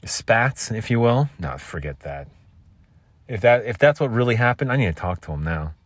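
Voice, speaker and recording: A man's voice: fairly low pitch, animated, normal speed, no room sound. A man in his thirties hosting a solo podcast, telling a rambling, self-mocking story with casual swearing. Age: 30s. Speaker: podcast host.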